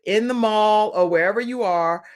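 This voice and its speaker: A woman's voice: medium pitch, moderate pace, clean tone. A woman hosting a talk show, playful and repeating her guest's points back.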